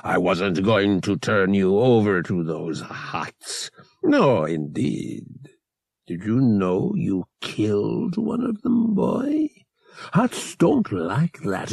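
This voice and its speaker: A man reading an audiobook, voicing a menacing older male ship captain who talks in a wheedling, drawn-out way with big swoops in pitch. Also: creaky, a little mellow, husky, no echo, clean studio sound, exaggerated voice. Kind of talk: audiobook character voice.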